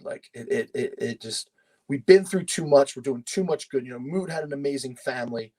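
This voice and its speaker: A man's voice: medium pitch, fairly quick, mellow, poor audio. A man in his thirties from Pennsylvania, a podcast guest telling a long personal story in casual, rambling talk, swearing freely and leaning on fillers.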